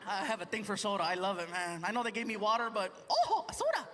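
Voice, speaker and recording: A man's voice: high-pitched, very animated, fast. A man performing a stand-up comedy set on stage, talking playfully and slipping into character voices. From United States. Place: comedy stage before a live audience. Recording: live stage mic with crowd laughter. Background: audience laughing and cheering.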